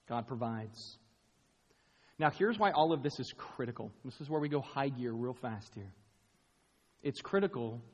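A man preaching a sermon to a room of people, animated and playful, acting out quick voices and jokey asides. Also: high voice. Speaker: pastor. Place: large room with an audience. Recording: long hall reverb.

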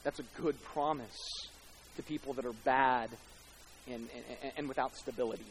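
Passionate preacher with emphatic swings. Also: male voice, medium pitch, steady tone, normal speed, a little hiss or hum, low-quality recording. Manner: swings from loud emphatic bursts to hushed tender passages, with casual asides. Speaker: pastor. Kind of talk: expository sermon.

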